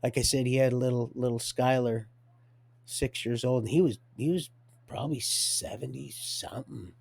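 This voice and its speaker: Gravelly guy rambling on a stream, lots of restarts, talks about god and dreams. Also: medium pitch, steady tone, normal speed, darkish tone. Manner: rambling, restarts often, religious talk. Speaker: livestreamer. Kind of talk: rambling personal monologue.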